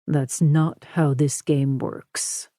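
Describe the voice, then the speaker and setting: A woman's voice: deep voice, fairly even intonation, extremely slow, warm tone, no room sound, clean studio sound, pitched below the performer's own voice. A woman narrator voicing a female undercover agent who talks firmly and defiantly. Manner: firm, defiant.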